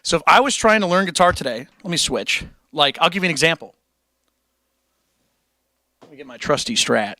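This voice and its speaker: A man's voice: on the high side, very animated, moderate pace, pauses often, pushed and bright, dry recording. A young man streaming and answering chat questions about guitar, blunt and encouraging, with casual swearing and rambling tangents.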